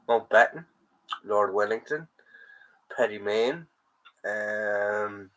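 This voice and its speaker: A man's voice: medium pitch, a bit bright, low-quality recording. Rambling Irish man with a sore throat. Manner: rambling, answers chat comments on the fly. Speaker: live stream host. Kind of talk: casual live stream chat.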